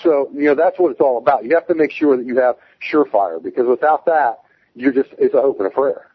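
A man's voice: mid-range voice, quick pace, breathy edge, no room sound, dull audio. A man speaking as a guest in a casual interview, plain-spoken and emphatic as he explains survival skills.

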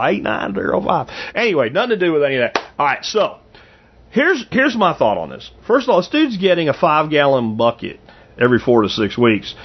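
A man's voice: medium pitch, muffled recording. A man in his fifties hosting a podcast, rambling casually through anecdotes with frequent restarts. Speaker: podcast host. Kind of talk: casual monologue.

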